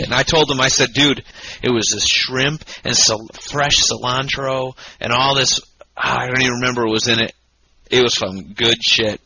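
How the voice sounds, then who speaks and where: Rowdy drunk podcaster, bright voice. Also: male voice, mid-range voice, highs cut off, a little hiss or hum. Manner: profane, rambling, loud and excitable. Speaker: podcast co-host. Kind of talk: drunk casual podcast banter. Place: home podcast setup, Michigan.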